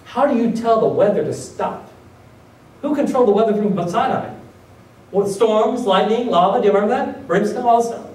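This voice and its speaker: High-voiced preacher in an echoey hall. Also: male voice, moderate pace, darkish tone. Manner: keeps asking the congregation rhetorical questions; acts out quoted voices. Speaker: pastor. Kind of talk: sermon. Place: church sanctuary. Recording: echoey room, mic far off.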